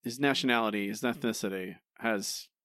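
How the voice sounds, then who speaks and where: A man's voice: fairly low pitch, fairly quick, sharp tone, no room sound, clean studio sound. A man co-hosting a casual podcast chat and trivia quiz, self-deprecating and stumbling into restarts. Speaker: podcast co-host.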